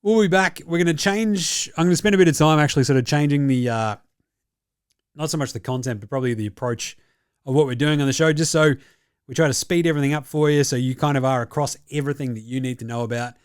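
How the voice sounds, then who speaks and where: A man's voice: on the high side, quick pace, smooth, no room sound, clean studio sound. A man with an Australian accent, hosting a sports podcast and signing off in a casual, matey chat with a fair bit of swearing. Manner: swearing, laid-back and matey. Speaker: podcast host.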